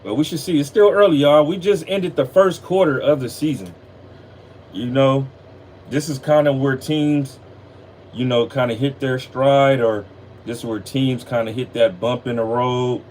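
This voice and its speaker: A man's voice: mid-range voice, normal speed, darkish tone. A man hosting a casual football talk show, laid-back and tired, loose and profane, with a faint air conditioning hum behind him. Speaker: sports podcast host.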